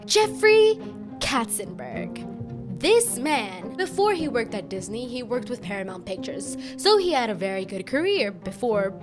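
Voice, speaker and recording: A woman giving casual video commentary, chatty and rambling, with self-deprecating asides. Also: mid-range voice. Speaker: YouTube commentator. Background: background music.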